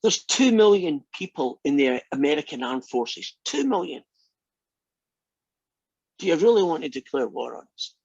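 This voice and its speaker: A man's voice: on the high side, expressive, normal speed, creaky, breathy edge, no echo, highs cut off, heavily acted. A man voicing an exasperated American president in a joke, pleading in growing desperation. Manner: pleading, increasingly desperate questions.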